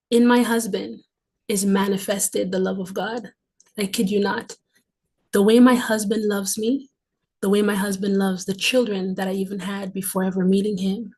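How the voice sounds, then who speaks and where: A woman in her forties speaks with fervent, emphatic conviction, repeating her phrases to drive them home. Her heartfelt testimony mixes breathy emotional asides with bursts of warmth. Her voice sits at an ordinary middle pitch for a woman. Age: 40s. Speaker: livestream host.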